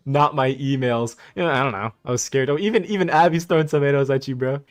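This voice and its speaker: A man's voice: mid-range voice, fast talker, hardly any pauses. A young man hosting a livestream, talking casually in a mocking, laughing, slangy way. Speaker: livestream host.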